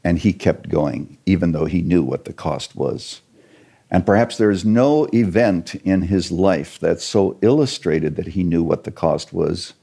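A man telling a church history story to an interviewer, earnest and animated, with a few jokes. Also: sits low, measured pace, creaky, slightly rough. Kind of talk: storytelling lecture in conversation.

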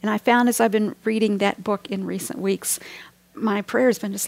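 Earnest woman teaching with a gravelly edge. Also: medium pitch, steady tone, normal speed, no room sound. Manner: earnest, reflective, drops to near whispers. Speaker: Bible teacher. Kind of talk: devotional sermon.

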